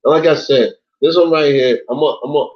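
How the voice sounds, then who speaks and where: A man's voice: a little high, a little fast, dull audio. A man hosting a late-night casual livestream, chatting with viewers in a laid-back, rambling way, swearing often and filling his talk with "like" and "yo.". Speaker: livestream host reading chat.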